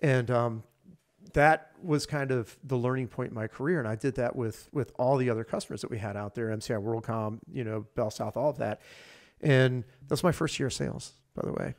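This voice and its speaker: A man's voice: mid-range voice, fairly quick. A man in his fifties, a podcast guest, telling his career story in a rambling, casual way with many fillers and restarts.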